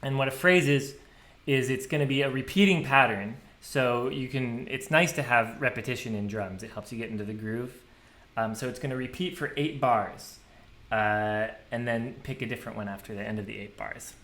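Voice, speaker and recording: A man walking through a program he wrote, thinking aloud in a relaxed, casual way and scatting drum rhythms. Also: medium pitch, normal speed. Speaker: programmer demonstrating his software. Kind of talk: casual screen-share tutorial.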